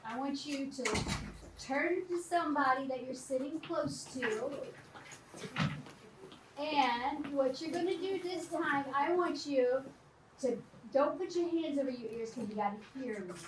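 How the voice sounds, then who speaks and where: A middle-aged woman teacher with a high voice guides a class of children through an activity, animated and directive, laughing often. Her pace is measured, and she is picked up from a distance across a reverberant, noisy classroom.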